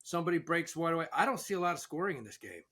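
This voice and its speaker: Brash betting host dude, kinda high, sharp bright voice, swears, goes on hunches. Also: male voice, big pitch swings, very fast. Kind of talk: casual sports betting chat.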